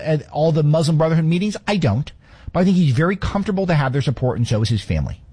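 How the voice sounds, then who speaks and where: A man's voice: fairly high pitch, a little mellow, breathy edge. A man in his thirties hosting a political commentary show, sarcastic and fond of mocking rhetorical questions. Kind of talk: opinionated monologue with played clips.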